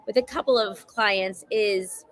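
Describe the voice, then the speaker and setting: A woman guest in a casual chat, telling stories in a relaxed way with drawn-out fillers. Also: mid-range voice, no echo.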